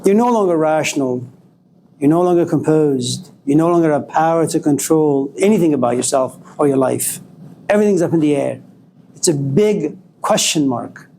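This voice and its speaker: A man's voice: animated, normal speed, gravelly, dark tone, slight background noise. A man giving a classroom lecture, dramatically acting out scenes and jumping his voice up when he plays anger. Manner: dramatic, acts out scenes, swings pitch up when mock-angry. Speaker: college lecturer.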